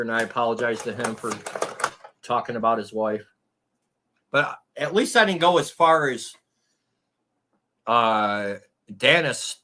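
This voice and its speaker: A man's voice: medium pitch, pushed and bright. A man live streaming and chatting casually with his viewers, rambling in a crude and profane way.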